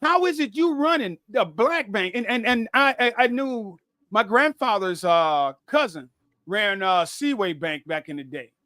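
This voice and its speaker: A man's voice: high-pitched, measured pace, dry recording, studio quality. A man talking casually and bluntly, stammering and repeating himself often, with frequent swearing. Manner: stammering, profane, animated. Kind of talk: casual conversation.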